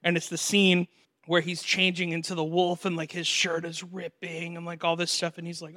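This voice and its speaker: A young man hosts a casual podcast chat, with a bright tone pitched a little high. He tells stories with energy, acting out the voices of the people in them and laughing along. The sound is close and dry. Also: normal speed, dry recording. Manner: animated storyteller, acts out voices and laughs often. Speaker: podcast host.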